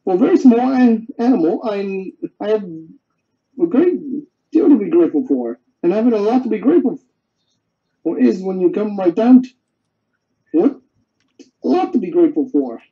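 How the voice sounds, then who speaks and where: A man voicing a tiny, nervous piglet who rushes his words, on a dull lo-fi home recording. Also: high-pitched, big pitch swings.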